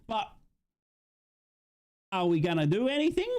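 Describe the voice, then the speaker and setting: An Australian man with a slightly raised voice, chatting live with viewers while watching a match. He rambles, gets worked up quickly, and keeps tossing in "you know what I mean?". He sounds like a casual streamer talking to his audience. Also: fairly high pitch, a little mellow. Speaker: football watch-along streamer. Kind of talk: live commentary chat with viewers.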